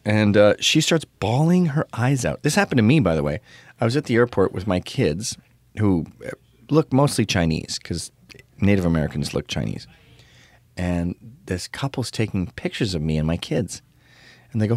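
A man's voice: low voice, expressive, fairly quick, a little mellow, dry recording. A middle-aged man hosting his own show, telling crude stories in a ranting casual monologue. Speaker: show host.

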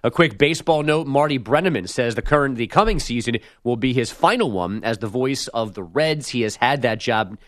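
A man reading a quick sports news update on a radio show. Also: mid-range voice, animated, dry recording, clean studio sound.

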